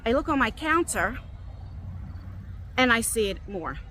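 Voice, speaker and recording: A middle-aged woman vlogging as she walks in a park, telling a story casually and acting out her own lines with big leaps in pitch, recorded on a phone. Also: a little slow, a little hiss or hum. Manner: animated, quotes herself with big jumps in pitch. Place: outdoors in a park, walking. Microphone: phone on a selfie stick.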